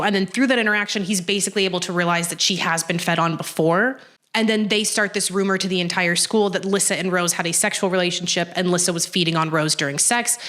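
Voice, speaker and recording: A young woman talks through her commentary at a quick clip, animated and sarcastic. Her voice sits at an ordinary middle pitch for a woman. It's a relaxed, conversational video-essay delivery. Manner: fast-talking. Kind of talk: casual commentary.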